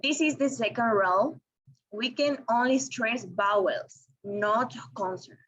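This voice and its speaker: Slow, careful woman presenting a lesson. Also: on the high side, a bit bright, breathy edge, muffled recording. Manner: slow and careful, with frequent ums and restarts. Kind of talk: reading a class presentation.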